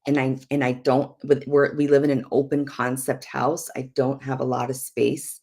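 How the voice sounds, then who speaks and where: A middle-aged woman, a prophetess hosting a live church TV show, teaching through animated stories, laughing and acting out what was said. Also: rumbling low, normal speed. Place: home office.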